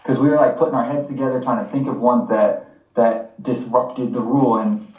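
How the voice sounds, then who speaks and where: A man's voice: mid-range voice, fairly even intonation, brisk, a little mellow, recorded from a distance. Laid-back man in an echoey room. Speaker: podcast co-host. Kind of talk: casual explanatory chat. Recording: echoey room, a bit off-mic.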